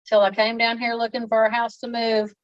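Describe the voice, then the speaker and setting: A woman hosting a casual podcast chat, chatty and quick to laugh. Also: fairly high pitch, completely flat delivery, no room sound, dull audio. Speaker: podcast host. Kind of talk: casual chat, taste-testing.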